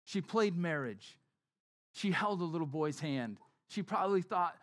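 A male preacher giving a sermon as conversational storytelling, often dropping to a soft, hushed tone. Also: a little high, measured pace.

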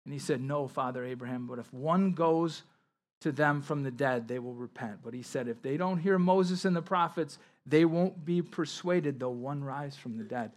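A man's voice: fairly high pitch, moderate pace. A man preaching a sermon, reading scripture aloud and explaining it with emphatic asides. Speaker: pastor.

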